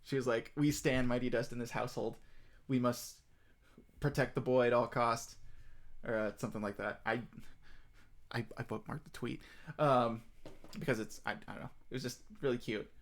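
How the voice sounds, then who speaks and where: Rambling excitable male streamer. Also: mid-range voice. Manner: rambling, excitable, many fillers. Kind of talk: casual stream chat.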